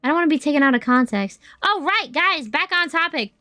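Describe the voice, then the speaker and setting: A woman's voice: sits high, expressive, a little fast, pushed and bright. A woman streaming a video game, chatting casually with her viewers, joking, swearing and answering their messages. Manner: playful, swears, reads and answers chat. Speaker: VTuber streamer. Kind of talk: casual gaming livestream chat. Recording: dry voice with faint game music.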